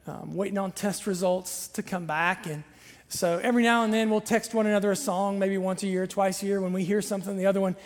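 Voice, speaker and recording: Pastor with a Southern Ohio accent, mid-pitched, conversational sermon delivery, long church reverb. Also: steady tone, fairly quick. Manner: conversational and joking, with repeated emphatic phrases. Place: church sanctuary.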